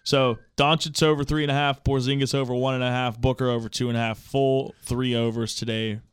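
A man talks through his sports picks in a chatty, offhand way. His voice is smooth and clear. It sits close and dry on the mic. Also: medium pitch, level tone, a little fast, dry recording. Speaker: sports betting picks host. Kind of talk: casual sports talk.

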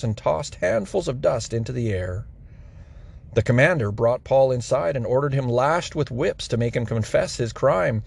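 A man reading scripture aloud at a steady, even pace. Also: medium pitch, gravelly. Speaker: Bible reader.

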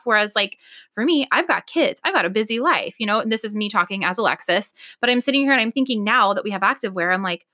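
A woman's voice: medium pitch, expressive, fast, sharp tone. A woman co-hosting a podcast in casual chat, talking chattily with lots of "like" and "oh my gosh". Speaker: podcast co-host.

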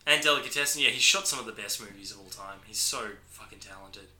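A man co-hosting a podcast, excitedly retelling movie scenes and acting out the characters' lines in casual talk. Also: lowish voice, fast talker, crowd noise. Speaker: podcast co-host. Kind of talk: casual film discussion. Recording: echoey room.

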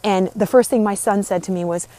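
A woman's voice: mid-range voice, steady tone, a little fast, mellow. Earnest woman coach, repeating phrases. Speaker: life coach. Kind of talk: motivational daily talk to camera.

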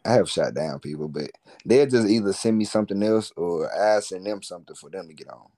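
A man's voice: sits low, expressive, brisk, mellow. A man being interviewed as a musician and entrepreneur, talking in a laid-back, rambling way with plenty of slang. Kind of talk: casual interview chat.

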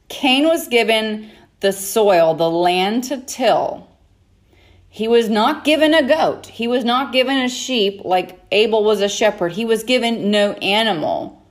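A woman's voice: medium pitch, expressive, measured pace. A woman teaching on a Bible story in a chatty, casual way, laughing often and acting out the characters' lines. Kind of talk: casual sermon.

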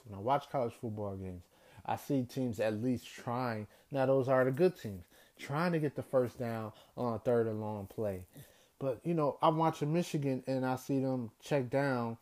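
A man hosting a solo sports show, ranting in an exasperated way, repeating himself and climbing higher in pitch when worked up. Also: darkish tone. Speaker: sports podcast host. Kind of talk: solo sports commentary rant.

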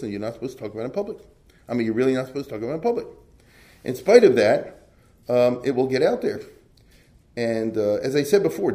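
A man lecturing on Jewish history in a loose, conversational way, often jumping up in pitch for emphasis and checking in with rhetorical questions. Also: a little mellow. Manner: asks the audience rhetorical questions. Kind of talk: informal lecture.

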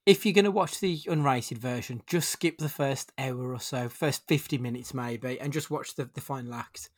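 A man's voice: mid-range voice, moderate pace. Blunt man hosting a film podcast. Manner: blunt, swears, wry. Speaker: podcast host. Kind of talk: casual film review chat.

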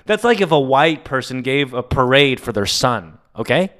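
A man hosting a solo comedy podcast, telling stories in a rambling, profane way with sudden loud bursts. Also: mid-range voice, very animated, moderate pace. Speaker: podcast host. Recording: audio-only podcast mic.

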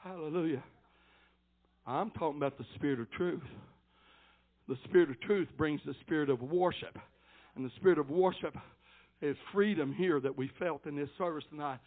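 An older man preaching a fervent church sermon, dotting his phrases with amens and rising into shouts. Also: fairly high pitch, normal speed, long pauses. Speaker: pastor. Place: church service. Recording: tinny phone-like lo-fi recording.

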